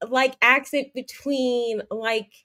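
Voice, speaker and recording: A woman's voice: a little high, fairly even intonation, pushed and bright, no echo. Rambling Minnesotan woman, dry sound. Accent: Minnesotan with a Southern tinge. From northern Minnesota. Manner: rambling, lots of "like", drawn-out O's. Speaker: livestream co-host. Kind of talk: casual chat.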